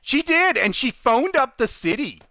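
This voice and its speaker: A man casually telling an anecdote from his job, animated and full of "like", laughing as he goes. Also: very high voice, a little slow, no echo. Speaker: recycling plant worker telling a story.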